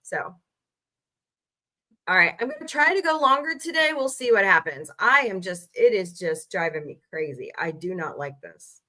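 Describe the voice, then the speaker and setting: A woman hosting a casual livestream from home, chatty and animated, reacting with quick outbursts. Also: lowish voice. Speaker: livestream host.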